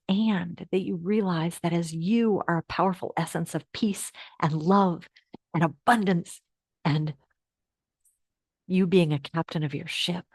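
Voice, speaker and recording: A woman hosting a live online class, guiding listeners through affirmations in a coaching manner that moves between hushed and lively. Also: mid-range voice, no room sound, studio quality. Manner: warm coaching, swings from hushed to animated. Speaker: host of an uplift program.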